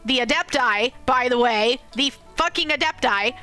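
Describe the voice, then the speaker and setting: A high-pitched, bright-toned woman streamer casually recaps a game's plot in an animated way, laughing and swearing freely. Faint game music plays behind her. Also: moderate pace.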